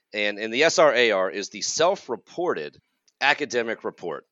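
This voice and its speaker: Here the same kind of speaker, a college counselor in his forties from the United States, delivers a casual, sarcastic, exasperated podcast rant. His voice sits on the low side, sing-song and fairly bright, at a moderate pace in a dry recording missing its highs.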